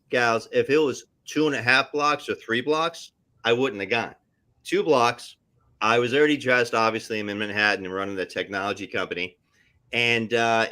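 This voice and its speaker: A middle-aged actor spins stories in a lively, animated way, ducking into little voices for the people in them. His voice is bright and forceful. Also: mid-range voice. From New Jersey area. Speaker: actor guest. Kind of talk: casual storytelling on a live stream.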